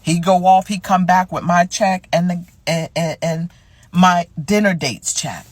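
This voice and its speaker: Woman, casual storytelling, sassy and blunt, low and husky, dead-dry sound. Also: unhurried, no room sound. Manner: blunt, sassy, swears freely.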